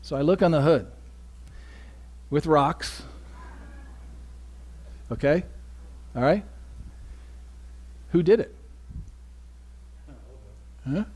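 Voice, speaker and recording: Animated preacher with a higher voice. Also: male voice, extremely slow, long pauses, slightly rough. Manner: swings from hushed asides to loud, rising emphasis; asks the congregation questions. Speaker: pastor. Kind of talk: sermon. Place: church sanctuary.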